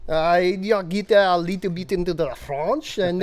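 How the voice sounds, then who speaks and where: A man chatting casually on a brewing livestream. His voice sits a little high, and his delivery is animated and rambling, full of asides and self-corrections. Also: unhurried. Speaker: brewer and show co-host.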